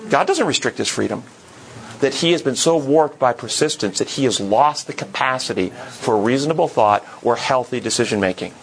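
A man's voice: mid-range voice, animated, normal speed, creaky, poor audio. A man leading a Bible study class, earnest, asking the group questions and repeating words for emphasis.

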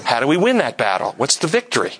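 A man teaching a church group, asking lively questions and sometimes mimicking others in a high voice. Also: fast, low-quality recording. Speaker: church teacher leading a class discussion. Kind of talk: interactive sermon with audience questions.

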